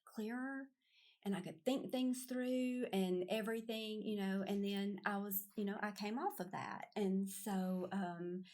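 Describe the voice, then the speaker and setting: A woman's voice: medium pitch, fairly even intonation, unhurried, a little mellow. A middle-aged woman, a podcast guest telling a personal story in casual conversation, earnest and full of restarts. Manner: earnest, storytelling with quoted voices.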